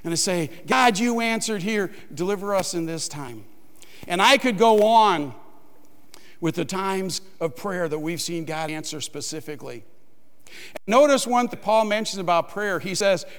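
High-voiced man preaching in a reverberant hall. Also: clear, resonant tone. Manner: animated, acts out his own panicked voice in quotes. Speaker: pastor. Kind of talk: sermon with humorous storytelling.

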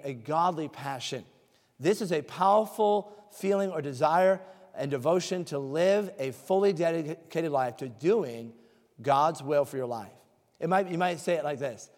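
A man preaching a sermon, reading scripture slowly and with emphasis, then explaining it in a conversational way. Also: a little high, darkish tone. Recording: reverberant hall.

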